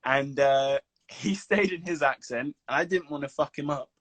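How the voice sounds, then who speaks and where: A man from England, chatting casually on a video call and telling animated stories with swearing and laughs. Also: mid-range voice, normal speed, no echo. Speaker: actor guest. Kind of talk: casual chat.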